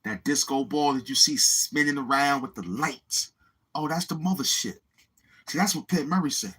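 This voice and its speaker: A man's voice: a little high, lively intonation, moderate pace, a bit bright, husky, low-quality recording. A man chatting casually on his livestream, rambling and swearing as he talks straight to his viewers. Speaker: YouTube livestreamer.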